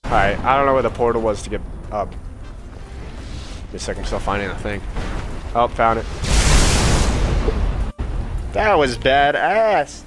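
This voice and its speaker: A man casually commentating his gameplay, excitable and swearing, with jokey asides to his viewers. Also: fairly low pitch, normal speed, long pauses. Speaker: streamer playing a game. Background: game music.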